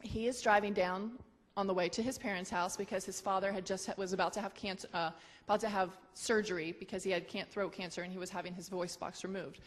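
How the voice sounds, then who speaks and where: An earnest woman shares a heartfelt personal testimony, her voice carrying with a long reverb through a church hall. She speaks with emotion, pitched in a middle range. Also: steady tone, fast talker. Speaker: guest sharing her testimony.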